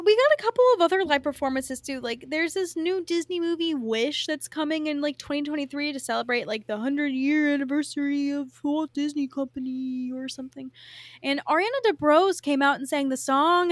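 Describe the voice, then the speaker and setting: A young woman with a high, bright voice co-hosts a podcast. She talks bluntly with sarcastic asides and plenty of swearing. The recording is dry and close. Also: normal speed, no echo. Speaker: podcast co-host. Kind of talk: casual chat.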